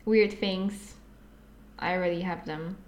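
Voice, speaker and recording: A woman's voice: lowish voice, steady tone, measured pace, a little hiss or hum. A woman in her twenties, a podcast guest, talking bluntly in casual chat, swearing often and laughing. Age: 20s.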